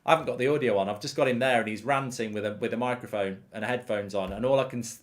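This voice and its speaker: A man's voice: medium pitch, fast talker, hardly any pauses. A man hosting a live football watchalong, chatty and rambling with lots of ums. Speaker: host.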